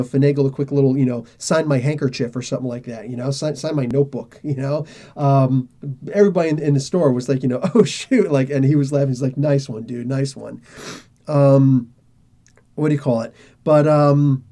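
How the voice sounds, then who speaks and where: A man's voice: on the high side, warm tone. Rambling, laughing male podcast host. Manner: rambling, laughing storyteller with many fillers. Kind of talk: casual chat with live chat readers.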